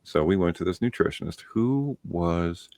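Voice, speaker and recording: A man with a very low voice tells a personal story on a podcast, blunt and freely profane. The sound is close and dry, with no room around it. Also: expressive, normal speed, darkish tone, dry recording. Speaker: podcast host. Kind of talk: casual chat, storytelling.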